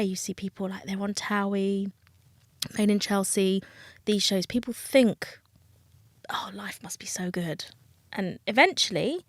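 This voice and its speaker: A woman's voice: medium pitch, no echo. British woman, middle-aged, frank and emotional, dry sound. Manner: frank, emotional, acts out quoted voices. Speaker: dating coach and TV guest. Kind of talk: candid interview talk.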